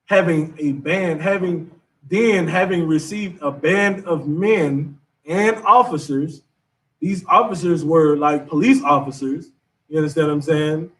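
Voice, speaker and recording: Emphatic higher-voiced man teaching a class. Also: a little slow, fairly bright tone, far from the mic. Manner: emphatic, street-casual preaching. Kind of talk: scripture class discussion.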